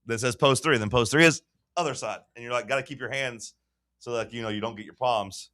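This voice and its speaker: A man's voice: mid-range voice, fast, bright, forceful tone, no room sound, studio quality. A man hosting a sports radio show, telling a long story in casual chat and acting out the voices of the people he quotes.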